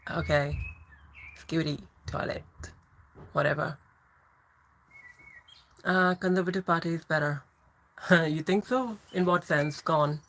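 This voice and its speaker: A woman's voice: low-pitched, slow pace, long pauses, a little hiss or hum, rough recording. A woman hosting a casual livestream, chatting and laughing as she answers viewer comments. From England. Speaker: livestream host.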